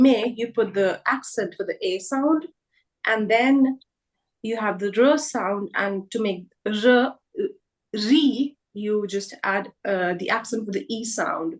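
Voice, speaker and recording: A woman's voice: mid-range voice, unhurried, poor audio. Woman patiently explaining pronunciation. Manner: patient, explains step by step with many fillers. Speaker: workshop presenter.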